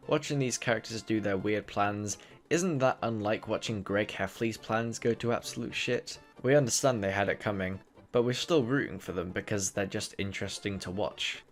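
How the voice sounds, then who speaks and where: A young man narrates his video essay in a relaxed, conversational way. His voice sits a little low, and he drops dry, sarcastic asides as he goes. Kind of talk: casual commentary.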